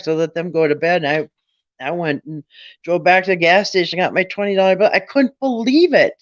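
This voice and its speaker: A man's voice: on the high side, brisk, fairly bright tone, dry recording. A middle-aged man telling a personal story in a casual, rambling way, often restarting and quoting his own thoughts. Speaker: storyteller on a late-night chat. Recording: dull, dry lo-fi sound.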